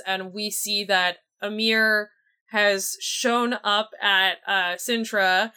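A woman co-hosting a casual chat, rambling and animated, with many fillers. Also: mid-range voice, slow, clean tone. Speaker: podcast co-host.

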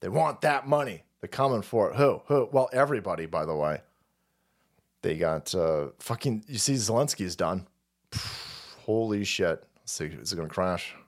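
A man's voice: deep voice, animated, moderate pace. A man hosting a live stream, ranting in a sarcastic, foul-mouthed way. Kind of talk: profane political rant stream.

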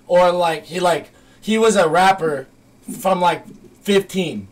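Young guy, high voice, excitable storyteller who swears, sits back from the mic. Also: slow pace, recorded from a distance. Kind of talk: casual podcast chat.

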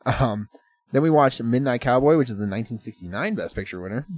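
A man's voice: mid-range voice, animated, a little fast, a little mellow. A man chatting casually as a podcast co-host, rambling through movie plots, laughing often and swearing freely. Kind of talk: casual chat.

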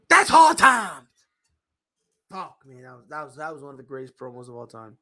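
A man co-hosting a podcast in casual chat, excitable, swinging from hushed mutters to loud outbursts. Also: on the high side, normal speed. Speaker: podcast co-host.

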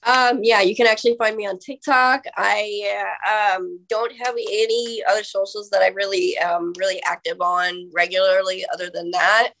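A woman's voice: medium pitch, fairly even intonation, moderate pace, few pauses, a bit bright. A woman who is a guest on a casual podcast, talking in an earnest, candid way and swearing casually.

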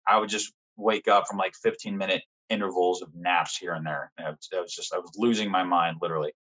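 A young man as a podcast guest, frankly telling a personal story in casual conversation, swearing often and pausing with fillers. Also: low-pitched, steady tone, fairly bright tone, muffled recording.

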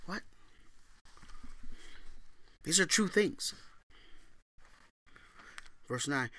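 A pastor preaches a sermon, booming out scripture and then dropping to quiet, conversational asides while asking for amens. He's expressive, speaks at normal speed with long pauses, and the recording is dry.

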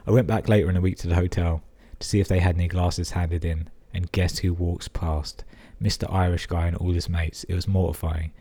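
A man's voice: sits low, level tone, brisk, few pauses, warm tone. A young English man hosting a podcast, reading listener emails aloud and cutting in with sarcastic, sweary commentary. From England. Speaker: podcast host.

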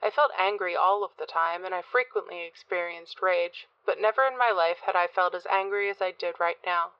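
A woman reading a first-person horror story as narrator in a measured, dark manner. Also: lowish voice, clear, resonant tone, no room sound, highs cut off. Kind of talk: scripted horror audiobook narration.

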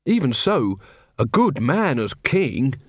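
A man's voice: medium pitch, very animated, slow, slightly rough, no room sound, clean studio sound, full character voice. A man voicing a loyal, earnest young corporal who speaks eagerly and politely.

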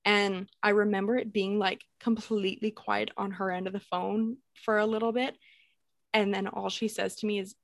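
A young woman casually telling a ghost story on a podcast, animated, laughing and swearing as she goes. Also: mid-range voice, normal speed, creaky, no echo. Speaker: podcast co-host.

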